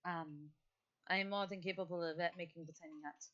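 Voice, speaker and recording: A woman's voice: fairly low pitch, steady tone, brisk, a bit bright, highs cut off, lightly acted. A woman doing a blunt, weary adventurer woman. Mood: exasperated.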